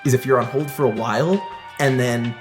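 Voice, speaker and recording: A man's voice: mid-range voice, fairly quick, soft background music. A man chatting casually on a podcast, telling rambling stories full of "like" and restarts. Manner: rambling storyteller, frequent "like" and restarts. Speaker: podcast host.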